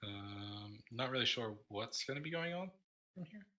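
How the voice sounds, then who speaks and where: A man casting a gaming tournament stream, tired and halting, with many fillers as he wraps up. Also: mid-range voice, animated, sharp tone. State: tired, yawning. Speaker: tournament caster. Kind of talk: casual livestream wrap-up.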